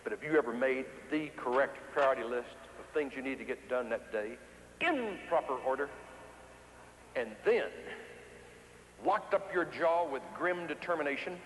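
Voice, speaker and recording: Folksy man, motivational speaker on stage; a bit high, with long hall reverb. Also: normal speed, slight background noise. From Ozarks, USA. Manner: folksy, animated storytelling with repetition for emphasis. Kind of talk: keynote speech to an audience.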